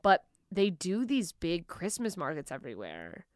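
A woman's voice: on the low side, wildly swooping pitch, normal speed, no echo. A woman comedian chatting casually as a studio guest, loose and joking, swearing and laughing often. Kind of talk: casual podcast chat.

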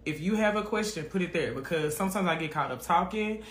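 High-voiced man talking to "friend". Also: expressive, fast, a bit bright, reverberant. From Memphis, USA. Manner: casual, keeps calling listeners "friend". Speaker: podcast host. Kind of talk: live faith podcast talk with prayer.

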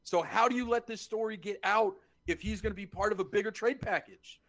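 A man with a fairly high voice co-hosts a casual sports podcast. He sounds exasperated and stumbles over repeated words when he gets worked up. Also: brisk, gravelly, fairly bright tone. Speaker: podcast co-host.

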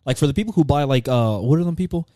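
A young man co-hosting a casual podcast, his pitch swinging up and down as he rambles and jokes. He circles back over his own phrases before landing a point. The sound is close and dry, with no room around it. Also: animated, fast talker, dark tone, dry recording. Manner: rambling, joking, repeats himself. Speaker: podcast co-host. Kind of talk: casual chat.

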